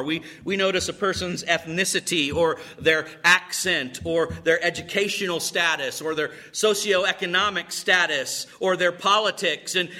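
A man preaching a sermon, telling stories dramatically and repeating words as he starts phrases. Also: sits high. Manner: dramatic storytelling, swings between loud and hushed. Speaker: pastor.

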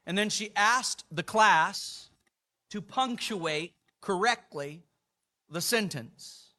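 Slow, bright-voiced older male preacher. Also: high-pitched, expressive. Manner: measured preaching with emphatic quoted lines. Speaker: pastor. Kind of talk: sermon.

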